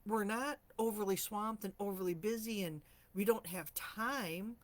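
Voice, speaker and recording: A woman hosting a casual live chat, telling stories in a chatty way, clearing her throat often, her morning voice slightly rusty. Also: mid-range voice, measured pace. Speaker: host of a live stream for empaths.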